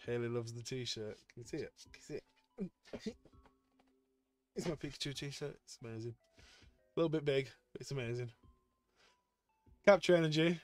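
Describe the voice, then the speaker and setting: A man live-streaming as he opens trading card packs, chatting excitedly with his viewers. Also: medium pitch, normal speed, pauses often, faint music behind. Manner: excitable, chatty, talks to chat. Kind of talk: casual live-stream chat.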